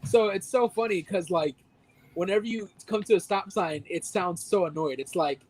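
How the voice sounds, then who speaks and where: A man's voice: high voice, moderate pace, dry recording, low-quality recording. A man co-hosting a podcast, chatting casually and telling funny stories. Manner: animated storyteller, mimics voices in quotes. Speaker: podcast co-host. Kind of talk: casual chat.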